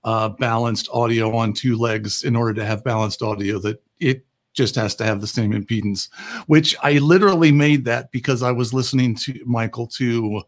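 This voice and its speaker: A man's voice: medium pitch, normal speed. A man speaking as a podcast guest, chatting casually in a wry, self-deprecating way.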